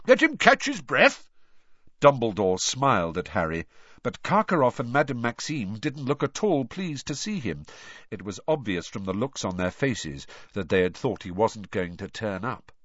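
A man reading an audiobook aloud as scripted narration, in an expressive storybook manner. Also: fairly low pitch, normal speed, dry recording, dull audio.

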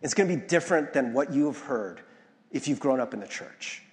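A man's voice: mid-range voice, animated, moderate pace, a little mellow. A male pastor giving a conversational sermon, often checking in with "right?" and acting out the voices he quotes. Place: church sanctuary. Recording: long hall reverb.

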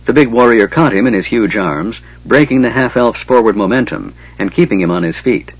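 A man narrating an audiobook in a steady, even reading. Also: fairly low pitch, brisk, husky, no echo. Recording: dull lo-fi, dry.

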